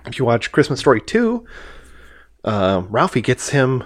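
A man's voice: medium pitch, big pitch swings, a little slow. A man co-hosting a podcast, chatting casually about a film with lots of fillers. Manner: rambling, with many fillers and acted-out quotes. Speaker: podcast co-host. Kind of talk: casual movie review chat.

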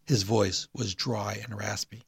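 A man's voice: fairly low pitch, steady tone, unhurried, gravelly, a bit bright, breathy edge, no room sound, studio quality. A man hosting a podcast, chatting hesitantly with many fillers and reading a spooky short story aloud. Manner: hesitant, full of fillers and restarts in chat.

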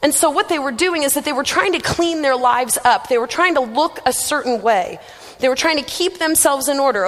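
A woman's voice: high-pitched, lively intonation, normal speed, a bit bright. A young woman giving a casual, conversational sermon as a youth minister, chatty and self-deprecating, with lots of "like". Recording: long reverb of a large room.

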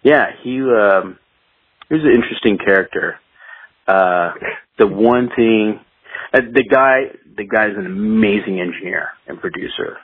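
A man's voice: on the low side, a little slow, breathy edge. A man being interviewed as a guest guitarist, telling rambling studio stories in a casual way and laughing as he goes. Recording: tinny phone-like line, dry.

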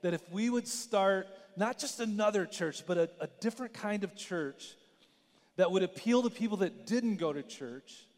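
A man's voice: high voice, moderate pace, a little mellow, long reverb tail. A middle-aged man preaching a sermon as a pastor, telling a personal story in a conversational way and asking the audience questions.

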